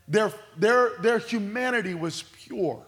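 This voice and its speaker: A high-pitched male pastor teaches a midweek Bible study, leaning into key words by dropping his voice low and quiet, and repeating phrases for weight. His voice rings with a long reverb that fills a church hall. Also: slow pace.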